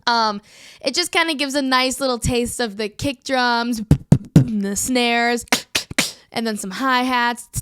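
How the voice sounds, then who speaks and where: Young woman vlogger, getting over a cold, giggly casual chatter, smooth clear tone. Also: a little high, fairly bright tone, no echo, clean studio sound. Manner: chatty, giggly, lots of "like" fillers. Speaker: beatboxer and YouTuber. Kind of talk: casual vlog chat.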